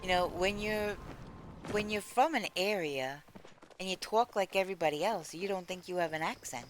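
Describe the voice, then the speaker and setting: A woman's voice: fairly low pitch, normal speed, a little hiss or hum. A woman streaming a game, chatting casually and rambling as she answers her chat. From United States. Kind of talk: casual live-stream chat while gaming.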